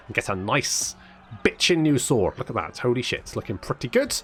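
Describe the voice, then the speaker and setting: A man's voice: medium pitch, very animated, brisk, fairly bright tone, breathy edge. A man giving casual, sarcastic let's-play commentary, thinking aloud and swearing freely. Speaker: gaming channel host.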